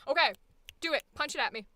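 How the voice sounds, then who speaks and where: High bright blunt American woman. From United States. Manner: blunt, profane, laughs often. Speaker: voice acting coach. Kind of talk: live-streamed coaching session.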